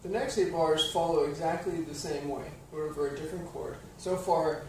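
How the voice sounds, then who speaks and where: This is a piano lesson: a man with a fairly high voice speaks at a moderate pace, patiently explaining rhythm and counting beats aloud. The roomy studio is captured with a far-off mic while a piano plays.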